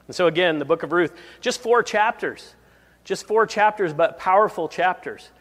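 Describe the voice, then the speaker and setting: Pastor preaching in a reverberant hall. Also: male voice, high-pitched, moderate pace, a bit bright. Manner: conversational, chuckles at own stories. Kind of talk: verse-by-verse sermon.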